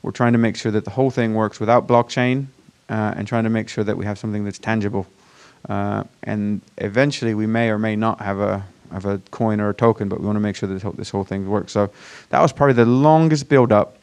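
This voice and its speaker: A man from Virginia with an accent that mixes American and British, giving a casual, self-deprecating startup pitch to a conference audience with many fillers and restarts. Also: steady tone, fast talker, hardly any pauses, darkish tone, clean tone. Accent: mixed American and British. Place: conference room before a live audience.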